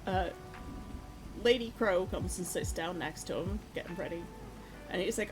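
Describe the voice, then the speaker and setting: A woman's voice: mid-range voice, normal speed. A woman streamer telling a story in a casual way while she paints, laughing often and acting out the voices of the people in it. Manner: animated, laughing, acts out quoted voices. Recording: lo-fi music playing underneath. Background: lo-fi music.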